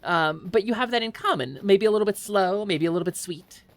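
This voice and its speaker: A woman VTuber streaming live, chatting casually while gaming in an excitable, giggly, rambling way. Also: medium pitch, a little fast.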